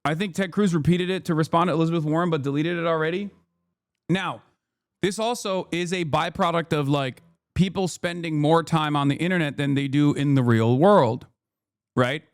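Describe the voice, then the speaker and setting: A man's voice: fairly high pitch, dry recording. Heated man ranting on a dry mic. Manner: fast, heated ranting with rhetorical questions. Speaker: streamer host reacting to news. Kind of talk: live-stream reaction commentary.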